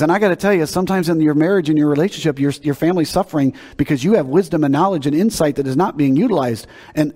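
A male pastor delivers a sermon in a conversational yet emphatic manner, doubling words as he builds to each point. His voice sits a little high for a man, and a long reverb trails after it in what sounds like a church sanctuary.

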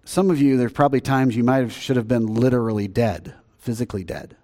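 A man preaching a sermon as pastor, conversational, swinging between loud emphasis and quiet asides. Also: mid-range voice, a little fast. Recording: long reverb.

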